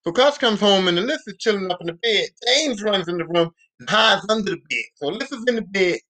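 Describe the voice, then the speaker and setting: High-voiced man recapping a TV episode. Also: a little fast, dry recording. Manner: animated, profane storytelling. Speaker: podcast host.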